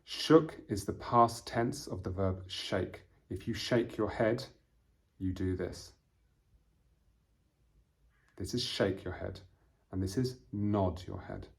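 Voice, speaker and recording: A man's voice: deep voice, very animated, takes it slowly, creaky, long pauses. Patient British man explaining English words. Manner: patient, explanatory, with frequent "um"s and acted examples. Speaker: English teacher. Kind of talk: explaining vocabulary to learners. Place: indoors, seated at camera.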